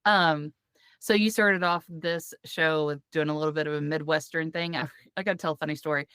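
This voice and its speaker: Chatty woman with a low voice. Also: steady tone, brisk, fairly bright tone, clean tone, no echo, clean studio sound. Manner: chatty storyteller, laughs often. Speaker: podcast host. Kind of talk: casual podcast chat.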